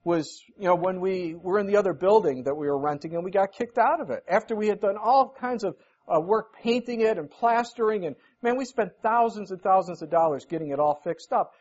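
A man's voice: high voice, a little fast, a little mellow. A man preaching a conversational sermon as pastor, folksy and anecdotal, acting out the voices in his stories. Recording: dull lo-fi recording.

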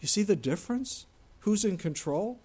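A male pastor delivering a sermon in a high-pitched voice. He talks to the congregation in an earnest, conversational way, swinging between loud and hushed passages as he reads scripture. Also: expressive, normal speed, slightly rough. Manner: earnest, conversational preaching with wide swings in loudness.

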